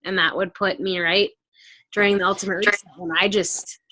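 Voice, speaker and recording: A woman's voice: medium pitch, little pitch movement, normal speed, pushed and bright. A woman hosting a team video call, telling stories in a casual, chatty way with many fillers. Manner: chatty, filler-heavy storytelling.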